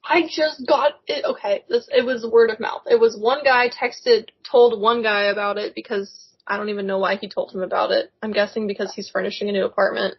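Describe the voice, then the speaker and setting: A young adult woman co-hosting a podcast over a remote call, chatting casually in an excitable, rambling way that often tips into giggles. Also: mid-range voice, a little fast, hardly any pauses, husky, lo-fi sound. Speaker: podcast co-host. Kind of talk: casual chat. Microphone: remote call microphone.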